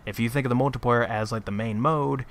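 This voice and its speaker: A man's voice: mid-range voice, fairly even intonation, fast, a little hiss or hum. A man chatting casually on a gaming podcast, blunt and opinionated, laughing at his own points. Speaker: podcast co-host. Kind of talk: casual chat.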